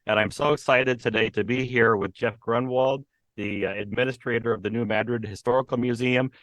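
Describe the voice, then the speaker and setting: A man's voice: on the low side, no room sound, rough recording. A man hosting a podcast and interviewing a guest in a friendly, casual way, with frequent fillers.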